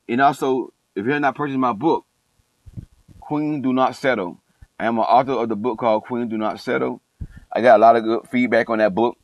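A man's voice: medium pitch, a bit bright, poor audio. A middle-aged man, a coach, giving a passionate, preachy monologue and hammering points home by repeating them. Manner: emphatic, repeats phrases, calls himself passionate. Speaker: coach and online commentator.

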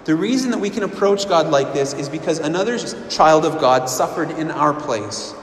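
A man delivering a sermon in a fairly high voice, earnest and searching, often doubling back on his words. The sound carries the long reverb of a big hall, with a faint hum of room ambience behind him. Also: expressive, moderate pace. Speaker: pastor.

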